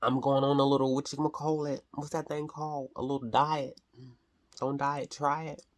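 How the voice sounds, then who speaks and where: A woman vlogging casually to camera, chatty and expressive, often calling viewers honey. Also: a bass voice, normal speed.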